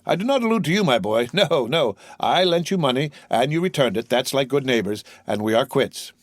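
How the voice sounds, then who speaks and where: A man's voice: mid-range voice, lively intonation, fairly quick, no echo, studio quality, pitched above the performer's own voice, close to an everyday voice. A man voicing a greedy young male tailor with a broad Marseille accent, speaking in a hearty, fawning, insinuating way. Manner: grinning, overly hearty, insinuating.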